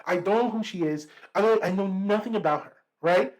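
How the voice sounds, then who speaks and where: A man co-hosting a podcast, telling a story in casual chat, lively and profane, acting out what people said. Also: high-pitched, a little fast, rough recording. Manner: animated, profane, acts out quotes. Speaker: podcast co-host.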